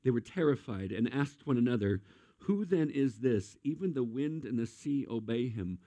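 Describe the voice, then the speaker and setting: A man preaching a sermon in a lively, conversational way, with jokes and acted-out asides. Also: mid-range voice, moderate pace, dry recording. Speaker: pastor.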